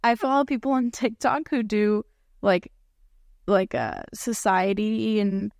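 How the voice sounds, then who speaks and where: A woman about twenty, co-hosting a casual podcast, chatting with lots of "like" and quick asides. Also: mid-range voice, expressive, gravelly, darkish tone, no echo, studio quality. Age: 20s. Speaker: podcast co-host. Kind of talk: casual chat.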